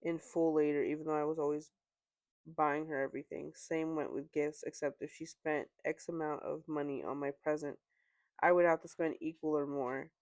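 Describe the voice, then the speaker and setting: Her voice is low-pitched and darkish, with fairly even intonation and a normal speed. As a podcast host, this woman reads online stories out loud and talks them over conversationally, with fillers and laughs.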